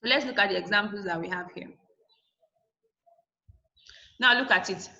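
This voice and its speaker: A woman's voice: medium pitch, racing, bright, forceful tone. A woman teacher giving a classroom English lesson, spelling out word endings letter by letter and repeating each example word. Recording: dull lo-fi classroom recording.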